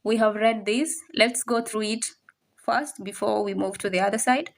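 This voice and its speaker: A woman teaching a French lesson, saying each word slowly and repeating it for learners to copy. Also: medium pitch, fairly even intonation, vocal fry. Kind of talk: classroom language lesson.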